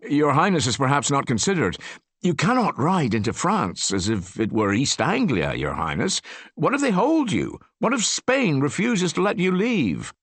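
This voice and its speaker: An honest, worried servant who begs and pleads, as a male narrator plays him. His voice sits a little above the narrator's low base and swings with urgency. The recording is dry and close. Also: wildly swooping pitch, moderate pace, a bit bright, breathy edge, no echo, exaggerated voice. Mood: urgent pleading. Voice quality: pleading, earnest. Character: loyal, anxious male royal gardener.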